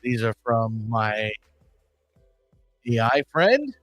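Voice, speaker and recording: A man's voice: mid-range voice, very animated, extremely slow, no room sound, faint music behind. A man hosting a podcast in casual chat, rambling with crude joking asides. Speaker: podcast host.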